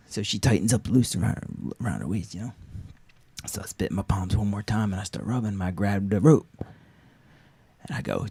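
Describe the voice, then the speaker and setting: A man performing an improvised comic story on a live show, rambling and packed with fillers and swearing. His delivery swings between loud bursts and low mutters. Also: a little fast, creaky, long pauses, breathy edge, dry recording. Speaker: actor and co-host.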